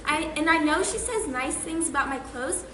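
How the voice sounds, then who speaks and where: Casting: high-voiced teen actress playing a giddy, unhinged teenage girl, bubbly with sudden bursts, echoey stage. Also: animated, moderate pace, a bit bright. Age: teens. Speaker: student actor. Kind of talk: stage monologue. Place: school theater stage. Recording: echoey stage with background noise.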